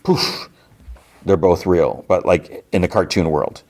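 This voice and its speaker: A man's voice: low-pitched, unhurried, a little mellow. A man hosting a podcast, casually recapping an episode with lots of fillers and restarts. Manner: rambling, many fillers and restarts. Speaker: podcast host.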